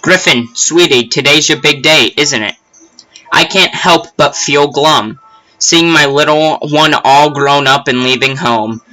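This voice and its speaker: A man's voice: on the high side, unhurried, pushed and bright, faint music behind, low-quality recording. A man voicing an emotional old mother in a video game, reading her lines with a fussy put-on accent. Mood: tender.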